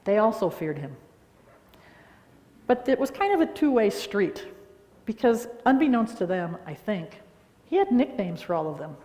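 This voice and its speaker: A middle-aged woman giving a conference talk, telling anecdotes in a lively way and often checking in with "all right?". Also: medium pitch, normal speed, pauses often. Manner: animated storytelling with frequent "all right?". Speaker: conference speaker. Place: large lecture hall. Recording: echoey hall reverb.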